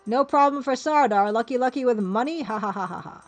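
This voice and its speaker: A woman's voice: on the high side, fairly quick, faint music behind, lightly acted. A woman voicing a greedy, cackling male caravan leader who boasts in broken English, as she reads a computer game aloud. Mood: gleeful.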